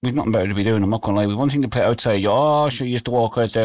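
A man's voice: medium pitch, fairly even intonation, very fast, few pauses, a little mellow, no echo. Radio guy rambling away between songs, chatty and jokey, dry close sound. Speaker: radio presenter. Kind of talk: casual radio chat with shout-outs.

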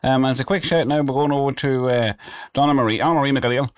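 A man presenting a radio show, rambling in a chatty, jokey way between shout-outs and tracks. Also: medium pitch, fairly even intonation, quick pace, no echo.

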